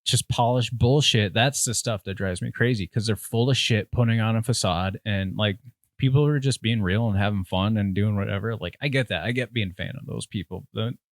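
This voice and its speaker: Lowish-voiced young guy ranting blunt on a podcast, mocks people, dry close mic. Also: fairly quick, no echo. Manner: blunt, ranting, mocking others in put-on voices. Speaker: podcast guest. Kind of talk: casual podcast chat.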